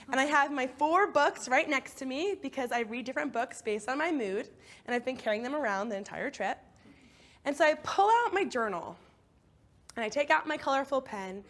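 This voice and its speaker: A woman coach telling a personal story in an expressive talk, acting out her inner voices. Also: fairly high pitch. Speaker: speaker, coach.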